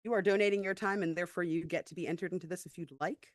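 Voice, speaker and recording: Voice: mid-range voice, steady tone, rapid-fire, no room sound, studio quality. A player describing their character's actions in a tabletop game, in a playful way.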